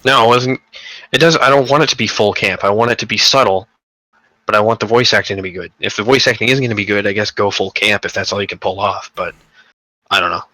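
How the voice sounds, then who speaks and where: A man's voice: fairly low pitch, fast, pushed and bright, dry recording, poor audio. A young man co-hosting a casual gaming podcast, rambling and profane, with lots of fillers and restarts. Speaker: podcast co-host.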